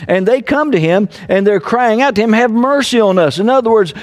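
A man's voice: high voice, lively intonation, fairly quick, hardly any pauses. A man preaching a sermon as pastor, earnest, with repeated phrases and fillers. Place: home.

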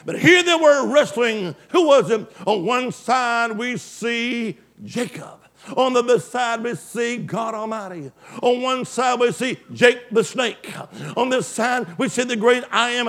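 Man, very high voice, preacher, fervent call-and-response sermon, loud then hushed. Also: a little slow. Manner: swings from loud exclamations to hushed asides.

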